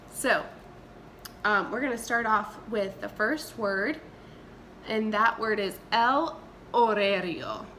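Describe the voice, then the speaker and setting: A woman teaching from home, her voice bright and forward as she drills words at an unhurried pace. She sounds out each word slowly and clearly for the class to repeat. A faint hiss sits under the recording. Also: medium pitch. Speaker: Spanish teacher. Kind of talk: remote vocabulary lesson.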